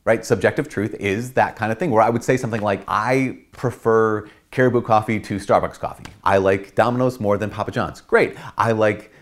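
A man's voice: lowish voice, steady tone, brisk, few pauses. A man, a priest hosting his channel, explaining an idea in a casual teaching talk, repeating key points and acting out quotes in playful voices.

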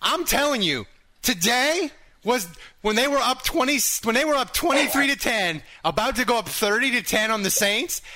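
Excitable guy hosting fan chat, bright voice, laughs a lot. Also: very high voice, moderate pace. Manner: excitable, animated, laughs often. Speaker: fan podcast host. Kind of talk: casual sports chat.

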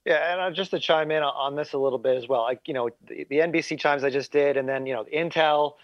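A man's voice: on the high side, fast, dry recording. A man co-hosting a podcast, chatting casually, rambling and repeating words. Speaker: podcast co-host. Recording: dull lo-fi mic.

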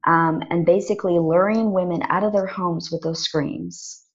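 A woman guest on a conversational show, telling a personal story in an animated, dramatic way and acting out what people said. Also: on the low side, normal speed, highs cut off. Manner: animated, dramatic retelling with acted-out quotes. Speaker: podcast guest.

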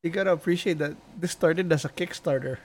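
A man co-hosting a relaxed podcast. His voice sits a bit higher than most men's, and he often cuts in with quick remarks. The talk is loose and friendly. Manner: interjecting, laughs often. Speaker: podcast co-host. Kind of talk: casual chat.

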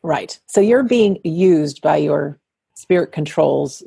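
A woman hosting a podcast, gently guiding her guest with questions. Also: deep voice, lively intonation, slow pace, creaky, slightly rough. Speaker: podcast host. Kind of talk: interview conversation.

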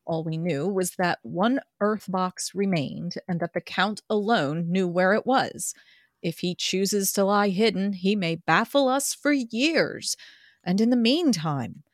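A woman with a somewhat low voice reads a classic novel aloud at a steady pace. The recording is dry and close. Now and then she breaks into laughter. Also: dry recording. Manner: steady reading with occasional laughs.

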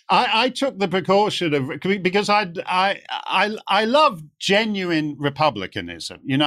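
A man guest in an interview, telling animated anecdotes and acting out the voices of the people in them. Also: on the high side. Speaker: guest commentator. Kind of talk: storytelling interview chat.

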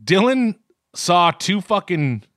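A man's voice: sits high, very animated, slow, a bit bright, no room sound, clean studio sound. A man co-hosting a casual podcast, telling rambling stories with restarts. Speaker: podcast co-host. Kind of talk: casual food podcast chat.

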